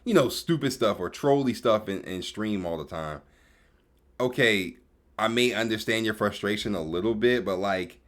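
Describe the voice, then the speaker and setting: A man's voice: on the low side, normal speed. A man reacting to a clip in casual chat, slangy and swearing, laughing often. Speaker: streamer co-reacting.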